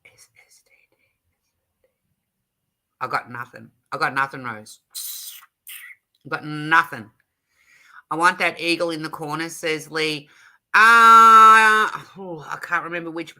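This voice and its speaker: An Australian woman hosts a relaxed live stream, rambling from one thought to the next and correcting herself as she goes. Her voice is very bright and sharp, and she giggles often while reading viewer comments aloud. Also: lowish voice. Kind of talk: casual live stream chat.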